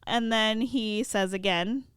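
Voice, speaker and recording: A woman podcast co-host retelling a fairy tale casually, with animated, laughing asides. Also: fairly high pitch, slow pace, clear, resonant tone, dry recording, studio quality.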